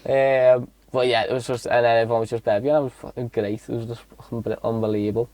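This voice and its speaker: A man's voice: mid-range voice, quick pace, dry recording. A man from the Liverpool area, co-hosting a podcast and telling a rowdy anecdote, swearing and acting out the voices of the people in it. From Southport, Liverpool area. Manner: animated storyteller, swears a lot, acts out others' voices. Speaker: podcast co-host. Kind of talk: casual chat, anecdote.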